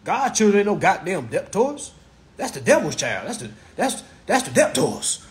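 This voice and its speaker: A man's voice: high voice, huge pitch swings, normal speed. A man lecturing on a live stream, blunt and profane, who repeats his phrases for emphasis.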